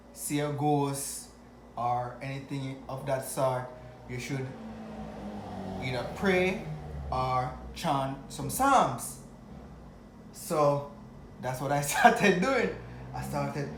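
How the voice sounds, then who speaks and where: A man from Jamaica with a Jamaican accent, telling a personal story to camera in an animated way, often chuckling. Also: medium pitch, a little hiss or hum. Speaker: vlogger. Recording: echoey room.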